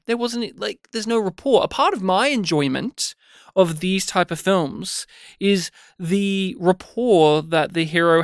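A man co-hosting a film review podcast in casual chat, animated and digressive. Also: high-pitched, dry recording, clean studio sound. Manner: animated, digressive, acts out scenes in quick put-on voices. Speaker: podcast co-host.

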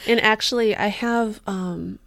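A woman's voice: mid-range voice, a little slow, gravelly, a bit bright, no room sound, studio quality. A woman co-hosting a podcast in casual chat, playful and joking and cursing freely. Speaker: podcast co-host.

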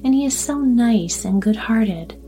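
A woman's voice: fairly high pitch, animated, a little slow, soft background music. A woman voicing a kindly, fretful old grandmother in a storybook reading. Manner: fussing, soft-hearted.

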